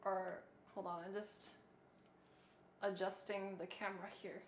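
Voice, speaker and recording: A woman's voice: mid-range voice, level tone, measured pace, pauses often, a little hiss or hum. A woman chatting casually on a cooking live stream, offhand and talkative, with lots of filler words.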